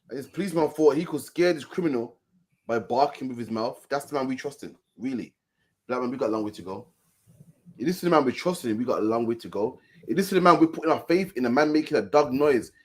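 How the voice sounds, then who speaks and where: A man preaching in casual street commentary, repeating himself and often ending lines with "man". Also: a little high. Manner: preachy, repeats "man" at line ends, mocking mimicry.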